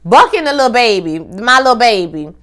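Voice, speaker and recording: A young woman recapping a TV episode in a casual, animated way, acting out the characters' lines and throwing in slangy asides. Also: a little high, fairly quick. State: pregnant. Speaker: TV recap host.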